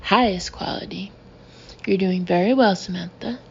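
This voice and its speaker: A woman's voice: medium pitch, normal speed, a little mellow, highs cut off, a little hiss or hum, close to an everyday voice. A woman reading the part of a brash, indignant woman who speaks shrilly.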